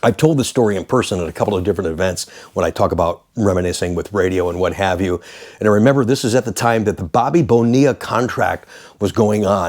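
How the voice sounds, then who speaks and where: A man, a former radio DJ, casually telling stories to the camera, animated and quick to laugh. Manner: animated, mimics callers in high voices, laughs often.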